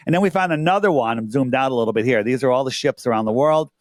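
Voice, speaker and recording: A man's voice: mid-range voice, fast, no room sound. A man being interviewed as a guest. He talks casually and earnestly, explaining things on his screen and checking in often with rhetorical questions.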